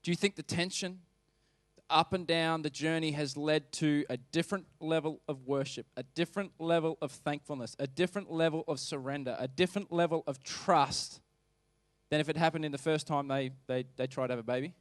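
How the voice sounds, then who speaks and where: A man's voice: on the high side, steady tone, fairly quick, no room sound, studio quality. A man preaching a sermon as pastor, talking conversationally and emphatically and putting questions to the congregation.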